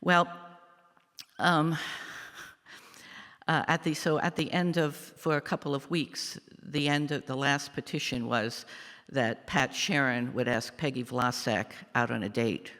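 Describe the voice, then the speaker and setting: Older man, gravelly, halting reflective lay speaker in a reverberant church. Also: medium pitch, fairly even intonation, bright, forceful tone. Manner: halting, reflective storytelling with many fillers. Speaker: lay speaker giving a meditation. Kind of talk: personal family story in a church service. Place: church sanctuary.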